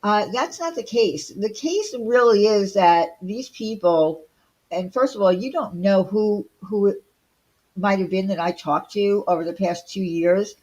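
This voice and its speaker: A middle-aged woman from Long Island talks, blunt and indignant as she hosts a casual livestream rant. She fires off rhetorical questions at a medium pitch in a loose, conversational delivery. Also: measured pace, darkish tone, slightly rough, low-quality recording. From Long Island, New York. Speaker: livestream host.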